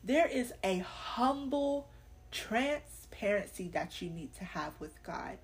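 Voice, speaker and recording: A woman's voice: medium pitch, sing-song, takes it slowly. Earnest woman preaching in casual slang. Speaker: podcast host. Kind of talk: faith podcast monologue.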